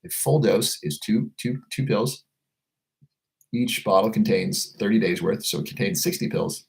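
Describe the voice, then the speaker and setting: A man's voice: on the low side, a little slow, gravelly, darkish tone. A man hosting a casual livestream, reading out viewer comments and answering them in a chatty way, often restarting and repeating words. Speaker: livestream host selling a supplement.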